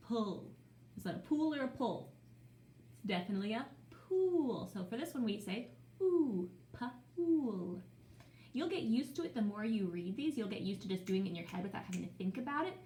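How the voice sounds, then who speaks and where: A woman's voice: on the high side, a little mellow, reverberant, a little hiss or hum. Playful sing-song woman teaching phonics. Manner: sounds out words slowly, playful and sing-song. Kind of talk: phonics lesson for young children.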